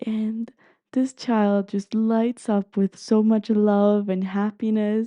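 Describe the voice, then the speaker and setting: A woman's voice: mid-range voice, level tone, slow, mellow, dry recording. A woman podcast host telling a personal story in an earnest, emotive, heartfelt way.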